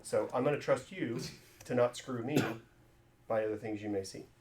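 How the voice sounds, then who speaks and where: A man's voice: medium pitch, normal speed, a little mellow, a little hiss or hum. A man narrating a tabletop game as game master, describing scenes with many fillers and restarts.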